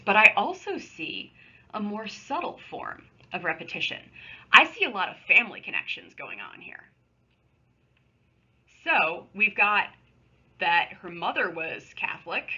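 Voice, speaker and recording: Woman teacher with a bright, husky voice. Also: mid-range voice, highs cut off. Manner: conversational, explains patiently with asides. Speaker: high school English teacher. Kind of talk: recorded remote lesson with screen share.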